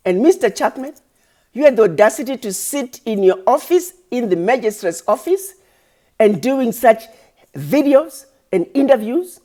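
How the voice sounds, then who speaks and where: A woman's voice: on the high side, expressive, moderate pace, warm tone. A woman founder giving an impassioned address, scolding her critics with rhetorical questions and preacher-like repetition. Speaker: organization founder.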